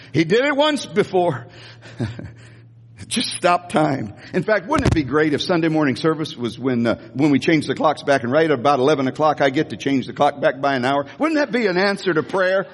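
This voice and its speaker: Older man, pastor, high husky voice, animated sermon, church hall reverb. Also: normal speed. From United States. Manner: animated preaching, repeats phrases, asks the congregation to respond. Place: church sanctuary.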